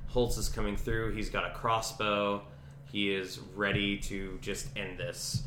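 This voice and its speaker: A man co-hosting a podcast, recapping scenes in a relaxed way with plenty of ums. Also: lowish voice, a little slow, roomy sound, a little hiss or hum. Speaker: podcast co-host. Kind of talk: casual chat.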